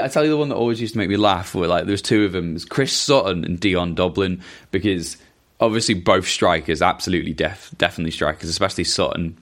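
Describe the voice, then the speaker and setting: A man with a notably deep, low-pitched voice talks through listener questions. He rambles casually, restarts sentences and breaks off into chuckling asides. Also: fairly bright tone. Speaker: podcast host answering listener questions. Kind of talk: casual chat.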